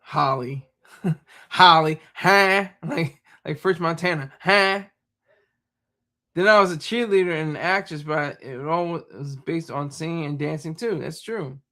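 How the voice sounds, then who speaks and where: Guy with a pretty high voice chatting on a stream, reads comments, laughs a lot, trips over words. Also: unhurried, pushed and bright. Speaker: streamer reading viewer comments. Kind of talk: casual live chat.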